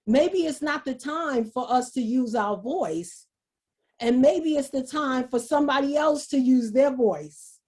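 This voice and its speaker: A woman giving an earnest motivational talk over a video call, halting and repeating herself. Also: high voice, animated, darkish tone. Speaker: speaker.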